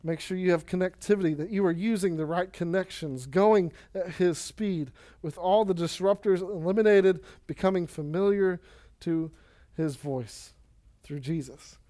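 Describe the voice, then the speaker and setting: A man preaching a sermon in a casual, energetic way, with quick asides and Bible readings. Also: high-pitched. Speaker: pastor.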